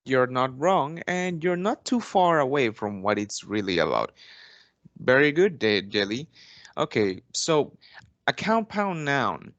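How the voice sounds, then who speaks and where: A young man plays the teacher in an English lesson role-play. His pitch is average for a man, and his phrasing is formal and polite, padded with "actually" and restarts. The sound is dry and close, with almost no room echo. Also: very animated, a little slow, fairly bright tone, lo-fi sound. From Mexico. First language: Spanish. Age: young adult.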